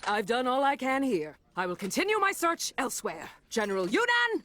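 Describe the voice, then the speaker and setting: A woman voicing a loud, brash, vain female warrior general in a cartoon, speaking in a showy, grand way. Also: high-pitched, very animated, normal speed. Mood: boastful.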